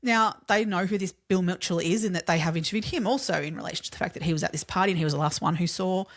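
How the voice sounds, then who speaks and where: A woman's voice: fairly low pitch, quick pace. A woman co-hosting a podcast, telling a true-crime story in a casual, chatty way, full of "like" fillers and casual swearing. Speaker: podcast co-host.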